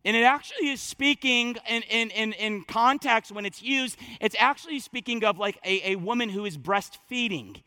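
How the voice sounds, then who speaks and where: A man preaching a sermon, reading scripture aloud and breaking into animated, conversational asides. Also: sits high, normal speed, hardly any pauses. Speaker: pastor.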